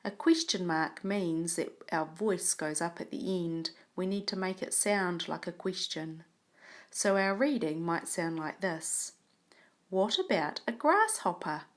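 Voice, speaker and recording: A woman teaching a reading lesson, speaking clearly and patiently as she models reading a story aloud. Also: fairly low pitch, fairly even intonation, a little slow. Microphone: tablet microphone.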